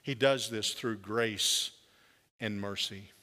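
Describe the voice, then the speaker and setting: Man preaching in a reverberant hall. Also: pushed and bright. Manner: earnest preaching, slowing and dropping low on key words. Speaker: pastor. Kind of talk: sermon.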